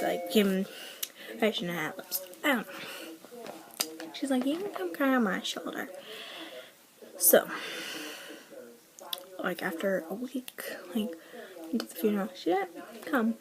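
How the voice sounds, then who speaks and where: A woman's voice: a little high, expressive, unhurried, long pauses, a crowd in the background, rough recording. An eighteen-year-old woman vlogging a personal story in a chatty, rambling way, filling her talk with "like" and whispering the lines she quotes. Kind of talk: casual storytelling.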